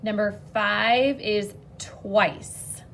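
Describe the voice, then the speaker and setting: A woman teaching a phonics lesson to children on video, patient and encouraging, speaking slowly and clearly. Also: mid-range voice, steady tone, fairly bright tone, a little hiss or hum.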